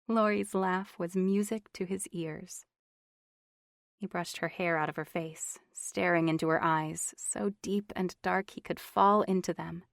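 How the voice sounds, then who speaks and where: A woman narrating an audiobook in a measured manner, lightly voicing the characters, on a close studio mic. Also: fairly low pitch, steady tone, vocal fry, dry recording. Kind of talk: scripted narration.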